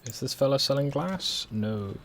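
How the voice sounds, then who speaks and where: A young streamer from the West Midlands of England, with a West Midlands accent, offers casual commentary while playing a game. His medium-pitched voice is gravelly, expressive, and a bit bright at a moderate pace, and he rambles, thinks aloud, and mocks himself dryly. A slight hiss or hum runs underneath.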